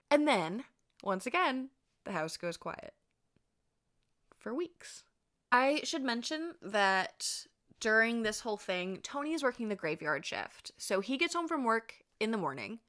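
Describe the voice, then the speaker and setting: Chatty woman telling a ghost story. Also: mid-range voice. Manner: chatty, animated, swears, laughs often. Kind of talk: casual storytelling.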